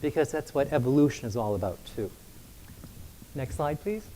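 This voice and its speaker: A man's voice: medium pitch, expressive, moderate pace, dark tone, poor audio. Man presenting from a stage. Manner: storytelling, asks for next slide. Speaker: conference presenter.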